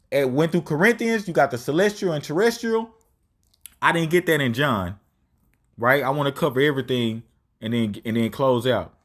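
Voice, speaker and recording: A man teaching scripture informally, reading verses aloud and then paraphrasing them in casual, slangy, emphatic speech. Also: fairly high pitch. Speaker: religious teacher.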